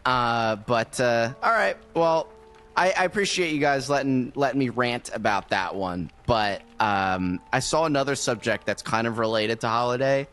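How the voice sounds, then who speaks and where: A man's voice: mid-range voice, moderate pace, fairly bright tone, clean tone. A man co-hosting a casual podcast chat, rambling and laughing often as he talks. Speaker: podcast co-host.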